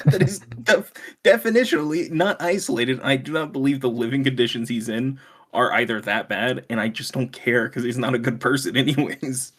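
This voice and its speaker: A man's voice: medium pitch, normal speed, fairly bright tone. Rambling, swearing young man chatting. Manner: rambling, laughs often, swears casually. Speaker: podcast co-host. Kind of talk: casual chat.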